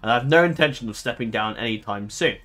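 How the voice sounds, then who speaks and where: A man's voice: mid-range voice, animated, fast talker, a bit bright, faint music behind. A man hosting a gaming channel, chatting casually to his viewers in a rambling, hesitant way, often correcting himself and filling gaps with ums.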